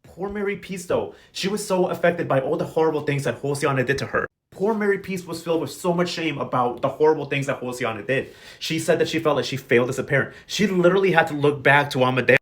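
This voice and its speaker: A young man breaks down a soap opera episode in a chatty vlog recap. His voice sits slightly high for a man. His delivery is sassy and full of slang, like gossiping with friends. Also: quick pace, fairly bright tone.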